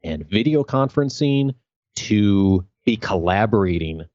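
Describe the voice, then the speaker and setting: A man speaking as a guest on a podcast, earnest and measured, explaining his work with gratitude. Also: lowish voice, lively intonation, a little mellow, no echo, lo-fi sound. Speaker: podcast guest, leadership coach. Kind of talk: conversational interview.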